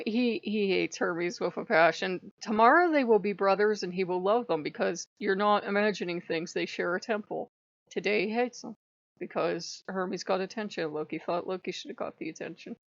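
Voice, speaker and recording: A woman's voice: medium pitch, moderate pace, vocal fry, no room sound. A woman hosting her own spiritual vlog, talking in a rambling, profane way and laughing often. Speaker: spiritual channel host. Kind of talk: casual vlog monologue. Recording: dull lo-fi, dry.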